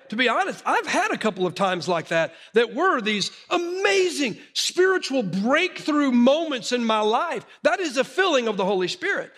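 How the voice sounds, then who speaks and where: Middle-aged guy preaching, high voice, lively storytelling, keeps restarting sentences. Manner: animated storytelling with frequent restarts. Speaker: pastor. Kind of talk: sermon with personal stories.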